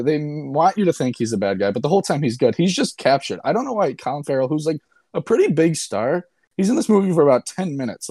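A man's voice: a little high, warm tone, no room sound, studio quality. A young man casually and sarcastically recapping a movie he disliked, rambling and swearing as a podcast co-host. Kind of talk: casual chat.

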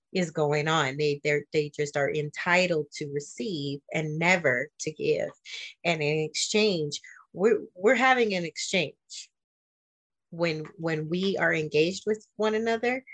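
A woman's voice: deep voice, no room sound. A woman co-hosting a podcast, talking candidly and animatedly in casual conversation, with slangy, emphatic asides. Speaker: podcast co-host.

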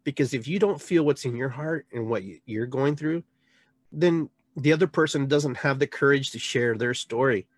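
A man's voice: mid-range voice, normal speed, no room sound. Earnest, emotional man on a dry mic. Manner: emotional, rambling, earnest with many restarts; swings between loud bursts and quiet trailing words. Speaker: podcast host and shaman. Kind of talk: heartfelt live monologue. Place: local area with a reservoir, addressing live viewers.

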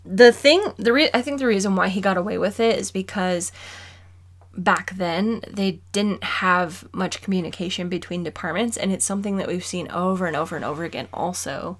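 A woman's voice: on the low side, normal speed. A woman co-hosting a casual true-crime podcast, explaining her views on the case earnestly and with emphasis. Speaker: podcast co-host.

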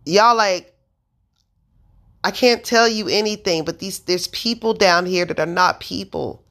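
A woman's voice: mid-range voice, fairly bright tone. A woman in her thirties telling a personal story to viewers, intense and earnest, swearing freely and speaking straight to her audience. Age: 30s. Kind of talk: casual spoken storytelling.

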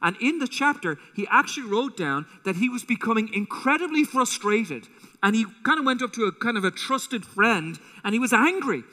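A man preaching a sermon as pastor, animated and acting out quotes with a rising voice, in a church auditorium. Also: extremely high pitch, normal speed. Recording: long hall reverb.

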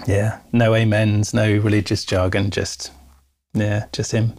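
A man, a guest telling his life story in a casual interview, animated, acting out the people in it. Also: lowish voice, measured pace. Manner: animated, laughs often, acts out quoted voices.

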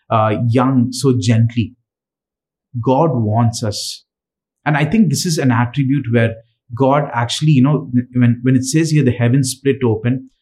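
A man's voice: mid-range voice, darkish tone, low-quality recording. Earnest man preaching a sermon. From Dubai. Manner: earnest, with frequent fillers and restarts. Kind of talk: sermon with scripture reading.

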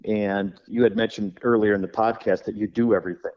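Low-voiced funeral director telling stories. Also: male voice, fairly even intonation, fairly quick, dull audio. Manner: rambling storyteller, acts out quoted dialogue. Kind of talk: podcast conversation.

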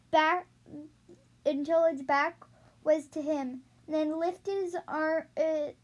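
A child reading a storybook aloud, halting and correcting themselves often. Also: female voice, high-pitched, darkish tone. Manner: halting, with restarts and self-corrections. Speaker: reader.

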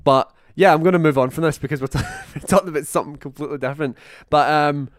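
A man's voice: fairly high pitch, quick pace, no room sound, clean studio sound. A young Scottish man with a Scottish accent, co-hosting a film podcast in casual chat, rambling and restarting his sentences. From Scotland. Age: young adult. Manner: rambling, self-interrupting, animated asides. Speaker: podcast co-host.

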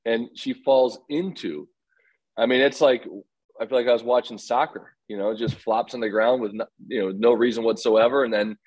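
An American man chimes into a casual conversation, repeating himself for emphasis. His mid-pitched voice is recorded close and dry, with no room around it. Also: steady tone, normal speed, a little mellow, dry recording, poor audio. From United States. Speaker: guest businessman.

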